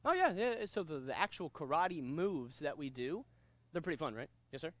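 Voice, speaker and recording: A man teaching a kids' karate class, energetic and upbeat, leading commanding call-and-response drills. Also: on the high side, normal speed, dry recording. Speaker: karate instructor.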